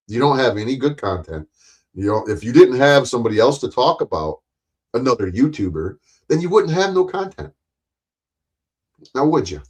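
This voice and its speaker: A man rants on his own live stream, cursing and mocking his viewers. His voice sits at a middling pitch, and he talks straight at his audience in a combative way. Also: a little mellow. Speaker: livestream host. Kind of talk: ranting live stream monologue.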